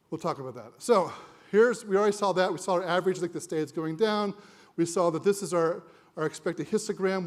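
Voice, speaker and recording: A man with a fairly high voice gives a live conference presentation in a chatty, joking way. He puts questions to the room as he goes and sounds a little winded. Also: darkish tone. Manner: conversational, jokey, asks the audience questions.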